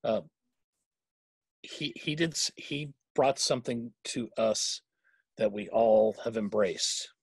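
A man's voice: mid-range voice, takes it slowly, pauses often, breathy edge, dry recording. A man interviewing a guest in casual chat, asking brief, friendly questions.

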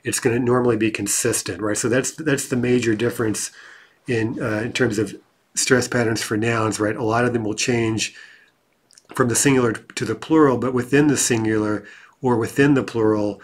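A man's voice: mid-range voice, fairly even intonation, moderate pace. A man teaching a language grammar lesson, explaining patiently and often checking in with "right?".

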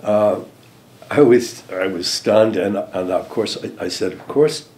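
Slow, low-voiced older American man. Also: steady tone, a little mellow. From United States. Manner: hesitant, many restarts and ums. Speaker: former diplomat recalling events. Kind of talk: interview recollection.

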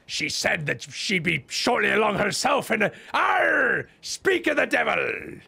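A man voicing a gruff old male pirate skipper, growling "arr" and dropping into rumbling lows, as a comedic game voice-over. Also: sing-song, unhurried, pushed and bright, heavily acted. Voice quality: gravelly growl.

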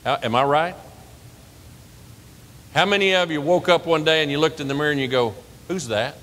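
A man preaching a sermon as pastor, lively and conversational, asking the congregation questions and laughing along with them. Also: fairly quick. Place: church sanctuary. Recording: reverberant church hall with faint rumble.

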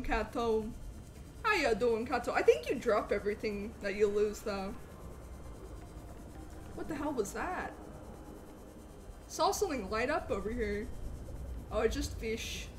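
A woman streaming a game live, chatting with viewers and swinging between loud greetings and low mutters. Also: lively intonation, unhurried, pauses often, a little hiss or hum. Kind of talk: live gameplay commentary.

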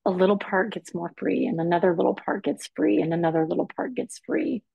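A woman guest on a podcast telling her own story in an earnest, animated way, acting out what people said. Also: medium pitch, brisk, vocal fry, husky, no echo, muffled recording. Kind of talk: personal testimony in conversation.

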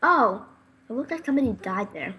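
A woman's voice: fairly high pitch, expressive, a little fast, sharp tone, slightly rough. A young woman playing through a game while chatting casually, reading its text aloud, reacting emotionally and laughing at her own slips. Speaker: let's play player. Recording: game music behind the voice.

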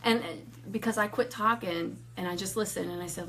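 Speaking briskly at a medium pitch, a woman in her thirties recounts her personal testimony of faith in relaxed conversation. She's animated, voicing quotes dramatically and frequently breaking into laughter.

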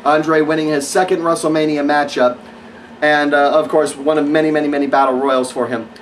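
A man's voice: fairly high pitch, level tone, a little fast, far from the mic, a little hiss or hum, rough recording. A man giving a casual, rambling spoken review of wrestling matches, sarcastic and full of fillers.

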